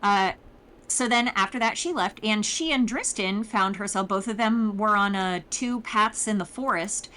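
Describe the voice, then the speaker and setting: A woman's voice: medium pitch, moderate pace, hardly any pauses, bright, forceful tone. A woman casually recapping a tabletop campaign in a rambling, informal way.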